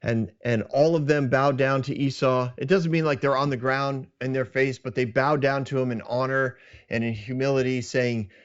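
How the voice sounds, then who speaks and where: A man's voice: medium pitch, steady tone, moderate pace, few pauses, clear, resonant tone, dull audio. A man hosting a podcast, casually retelling a scripture story in a conversational, self-deprecating way. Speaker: podcast host.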